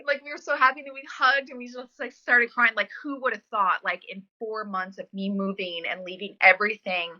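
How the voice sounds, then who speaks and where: In a relaxed podcast interview, a former wrestler tells a long story, chatty and filler-heavy, slipping into the voices of the people she quotes. Her mid-pitched voice is bright and sharp, fairly quick, with hardly any pauses. The recording sounds dull and lo-fi.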